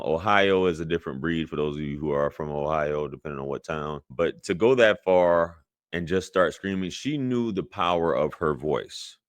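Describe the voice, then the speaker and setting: Deep-voiced man giving indignant commentary. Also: no echo. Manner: indignant, emphatic, repeats lines for effect. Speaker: podcast host reacting to clips. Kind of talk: commentary on a video clip.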